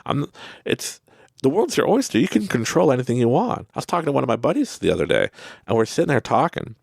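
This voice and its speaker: A man with a Canadian accent hosting a podcast, giving an animated, conversational motivational monologue and laughing often. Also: mid-range voice, quick pace, vocal fry, husky, no echo, clean studio sound. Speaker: podcast host.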